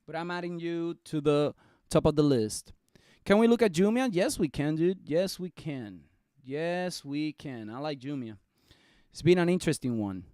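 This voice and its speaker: Excitable young man live-streaming. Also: on the high side, normal speed, no room sound, studio quality. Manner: excitable, jokey, talks to viewers. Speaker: stock market live streamer. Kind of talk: casual live-stream chat.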